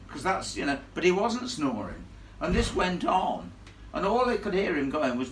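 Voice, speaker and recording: Lively man telling a ghost story. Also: fairly high pitch, moderate pace, slight background noise. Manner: animated, blunt, salty storyteller. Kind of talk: live storytelling to an audience. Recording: echoey room filmed from far off.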